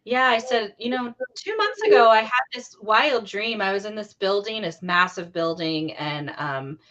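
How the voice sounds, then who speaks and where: A woman's voice: mid-range voice, expressive, moderate pace, a bit bright. A woman teacher casually telling a personal story, with lots of fillers and restarts. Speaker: guest, teacher. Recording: dull lo-fi audio.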